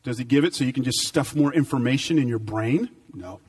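A man preaching a sermon with emphatic repetition, swinging between loud, high bursts and low, quiet stretches. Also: brisk, slightly rough, distant mic. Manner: dynamic, emphatic repetition with big swings in pitch and volume.

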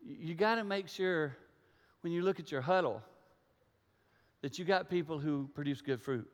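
A man preaching a sermon from a church stage, telling stories and acting out conversations, dropping to a hush and then rising to loud emphasis. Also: a little high, normal speed. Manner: storytelling, acts out dialogue, swings from hushed to loud. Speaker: pastor. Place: church sanctuary. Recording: reverberant hall.

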